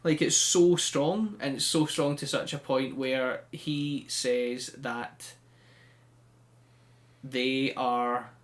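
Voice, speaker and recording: A man hosting a podcast, telling things in a chatty, animated way with frequent laughs. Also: medium pitch, drawn-out words. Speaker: podcast host. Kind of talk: casual chat.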